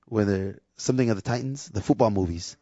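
Speaking a little fast in a fairly low voice, this man preaches candidly and conversationally, slipping into lively voices for small quotes. He is a preacher and worship leader, and the recording is dry, dull, and lo-fi.

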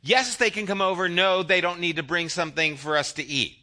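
Bright-voiced man preaching a sermon. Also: high-pitched, fairly quick. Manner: conversational, anecdotal preaching with voiced asides. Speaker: pastor.

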